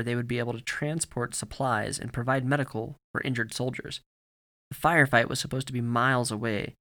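A man reading a grim story aloud in a steady, measured narration. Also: medium pitch.

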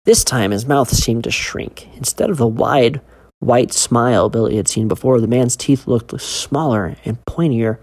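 A woman narrating a scripted horror story in a steady, measured way. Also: extremely low pitch.

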